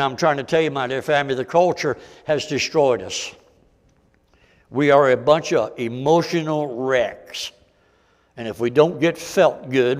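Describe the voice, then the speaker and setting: A man preaching a folksy sermon, swinging between loud and hushed. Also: mid-range voice, normal speed, long reverb tail.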